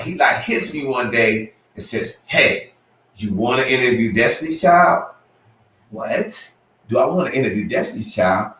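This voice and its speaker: Recorded from a distance in a room at a live podcast show, a male co-host tells an animated story with a roomy, off-mic sound. He gets excited and performs the quotes vividly, his pitch leaping suddenly.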